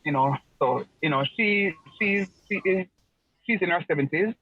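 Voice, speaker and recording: A man runs an online class over a video call, his slightly high voice coming through muffled and dry. He talks in a chatty way and circles back on his phrases for emphasis. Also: moderate pace, no echo. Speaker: lecturer.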